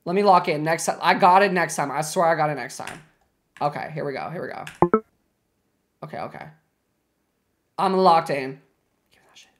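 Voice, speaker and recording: A woman streaming a game live, reacting loudly and dramatically with shrieks and swearing while chatting with viewers and thanking subscribers. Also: sits low, expressive, fairly quick, pauses often, slight background noise.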